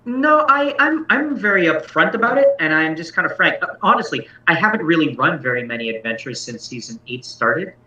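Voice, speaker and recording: A man's voice: fairly high pitch, sing-song, a little fast, few pauses, sharp tone. A man who runs tabletop games, giving a casual, thoughtful talk and explaining his methods at a convention. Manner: thoughtful, explanatory, self-correcting. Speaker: game master giving a talk. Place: convention room. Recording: echoey, distant, dull sound.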